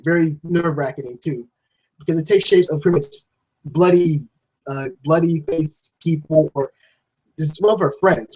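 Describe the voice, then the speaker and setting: A man giving a casual, rambling spoken film review, swearing freely and restarting sentences, often jumping into a high, excited voice to act out scenes. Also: slightly rough, low-quality recording. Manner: jumps to high excited voice when acting out scenes.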